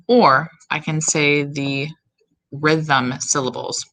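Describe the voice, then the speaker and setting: A woman music teacher explains each step of an assignment with care. Her voice sits low but sounds bright and forward. She talks slowly and evenly in a recorded classroom tutorial. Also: fairly even intonation, poor audio. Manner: slow, step-by-step instructions.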